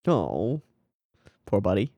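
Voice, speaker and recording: Lively, unhurried man reacting to anime. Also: fairly low pitch, dry recording. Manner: swears freely and talks back at the screen; laughs often and teases the characters. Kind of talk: casual reaction commentary.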